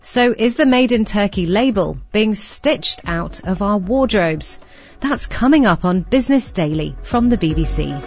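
A woman's voice: mid-range voice, lively intonation, a little slow. Female presenter, scripted radio delivery, faint music underneath, slightly dull sound. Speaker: business programme presenter. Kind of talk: radio presenting and field reporting.

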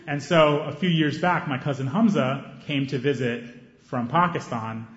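A man performing a stand-up set on stage with a handheld mic, animated and acting out scenes, breaking into high excited yelps. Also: normal speed. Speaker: stand-up comedian. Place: comedy stage before a live audience. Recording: roomy, slightly dull live recording.

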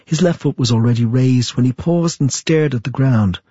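Author, male, warm low-timbred and breathy, measured storyteller reading his own prose, dry close sound. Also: no room sound, highs cut off. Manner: thoughtful, measured, with a steady storytelling delivery when reading. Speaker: author interviewed about his book. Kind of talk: interview answers and reading aloud from his book.

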